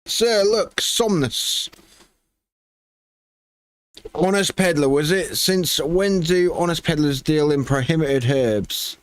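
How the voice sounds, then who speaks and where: A man's voice: fairly high pitch, slow pace, long pauses, no echo. A man voicing a stern male soldier officer who speaks curtly and commandingly, reading a game's dialogue aloud. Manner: curt, commanding.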